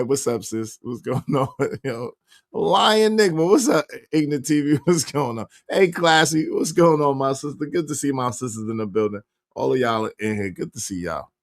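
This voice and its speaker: A man's voice: on the high side, gravelly, no echo. A man hosting a live stream, giving preachy, mocking reaction commentary as he talks back to a clip.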